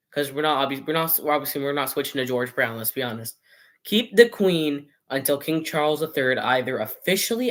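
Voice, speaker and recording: A man's voice: fairly high pitch, fairly bright tone. A man giving his views in a casual vlog to camera. He rambles, argues with imagined viewers and changes his mind as he goes. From Canada. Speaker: vlogger. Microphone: camera mic, showing items on camera.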